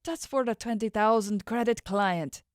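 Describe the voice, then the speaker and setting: A woman's voice: a little high, normal speed, clean tone, no echo, clean studio sound, voice pushed up, lightly acted. A woman voicing an injured young man who talks groggily with slurred words, read in an audiobook. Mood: groggy.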